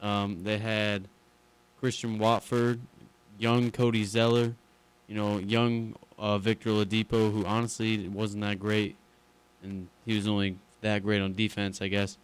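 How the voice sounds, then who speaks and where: Smooth, low-voiced young man. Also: flat delivery, unhurried. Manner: laid-back, hesitant, heavy on "you know" and "um". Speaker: radio show co-host. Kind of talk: casual sports chat.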